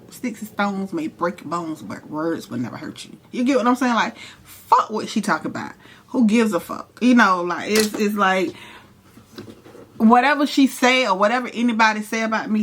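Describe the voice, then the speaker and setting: A young woman, casually telling a profane, animated story while doing her makeup. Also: mid-range voice, slight background noise. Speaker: hairstylist and vlogger.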